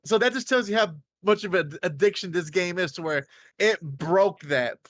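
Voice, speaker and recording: A young man co-hosting a casual gaming chat, halting and stammering as he asks questions. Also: sits high, a bit bright. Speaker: podcast co-host.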